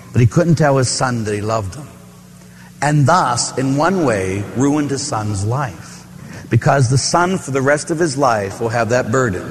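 A man's voice: medium pitch, long reverb tail. A man, a Catholic priest giving a conversational, story-filled sermon with asides and rhetorical questions. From Pittsburgh.

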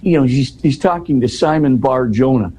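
A man's voice: mid-range voice, moderate pace, warm tone, slightly rough, low-quality recording. A man explaining a scripture passage in a scholarly but casual way, with frequent restarts and "you know". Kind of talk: conversational explanation.

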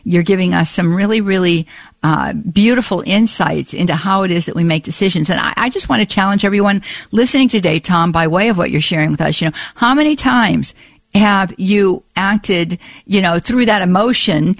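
A woman's voice: on the low side, normal speed, vocal fry, dry recording. A woman hosting a religious call-in radio show, effusive and gushing with praise.

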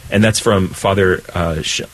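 On a rough recording, a male priest holds forth on faith in spiritual conversation at a moderate pace. He comes across as earnest and animated, with his pitch going up when he's moved.

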